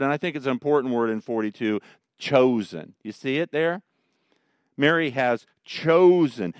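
A middle-aged man preaching a sermon, swinging between loud emphatic lines and quiet tender ones. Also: mid-range voice, clear, resonant tone, dry recording, studio quality. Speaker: pastor.

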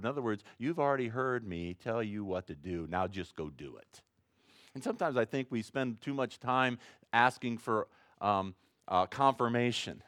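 A man preaching an informal, conversational sermon as pastor, rambling at times and rising to excited emphasis. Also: medium pitch, normal speed, no echo, studio quality.

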